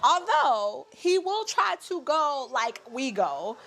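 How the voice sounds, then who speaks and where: Woman, 30s, casual vlog storyteller, talks to viewers directly, a touch high-pitched. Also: slow pace, slight background noise. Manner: chatty, animated, addresses viewers as y'all. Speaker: mother vlogger.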